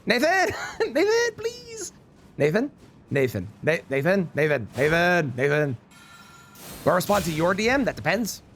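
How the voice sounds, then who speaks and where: A streamer giving live gameplay commentary, excitable, yelling, swearing and pleading with teammates. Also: medium pitch, normal speed, slight background noise.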